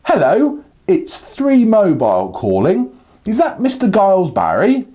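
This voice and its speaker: A man's voice: a little high, huge pitch swings, moderate pace, a little mellow, voice pushed up. A man voicing a polite but persistent male call-centre caller who speaks in a formal, clipped way.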